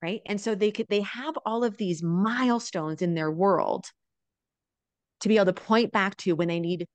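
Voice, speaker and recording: Medium pitch, moderate pace, no room sound: that's how this woman in her thirties comes across. A mother of four living abroad, she's the guest in a casual interview, an animated storyteller recounting family moments and often adding "right?".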